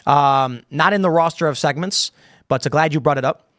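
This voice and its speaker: A man's voice: a little high, normal speed, a bit bright, no room sound, studio quality. A man hosting a live show, reading chat comments and riffing on them in a rambling way, full of fillers and restarts. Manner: rambling, many fillers and repeated starts. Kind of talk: casual live-stream commentary.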